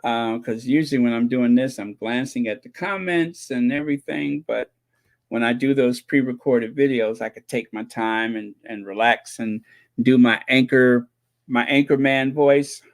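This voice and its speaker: A man's voice: medium pitch, moderate pace. A man hosting a casual live stream, reading viewers' comments and talking to them in a joking, sarcastic way, laughing and repeating himself often. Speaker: host of a royal commentary channel.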